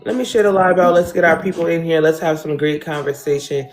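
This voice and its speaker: Surrounded by balloons and pictures at home, this New Jersey livestream host talks straight to her audience with plenty of emotion in a relaxed stream. Her voice is low-pitched and a little fast.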